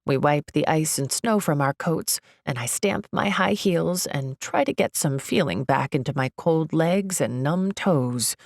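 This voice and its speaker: A young woman reads a first-person romance novel aloud in a low voice. She is expressive and lively in her delivery. The recording is dry and close, with no room sound. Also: a little slow, gravelly, few pauses, dry recording. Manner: expressive, leaps high in pitch for her character's outbursts. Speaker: audiobook narrator.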